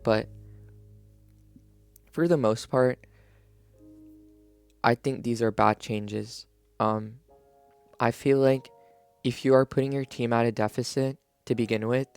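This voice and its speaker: A man's voice: mid-range voice, little pitch movement, measured pace, vocal fry, long pauses, smooth, no room sound, faint music behind. A man giving casual, rambling commentary on game patch notes in his just-woke-up morning voice, filling his talk with "like". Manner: rambling, heavy use of "like", frequent restarts. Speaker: video creator reviewing game patch notes.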